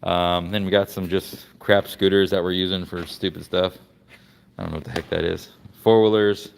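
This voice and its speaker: A man's voice: low-pitched, flat delivery, moderate pace, gravelly, big-room sound, a little hiss or hum. A man from Florida casually chatting through a garage walkaround, rambling with lots of fillers and restarts. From Florida, United States. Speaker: vlogger showing his car collection. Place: garage workshop.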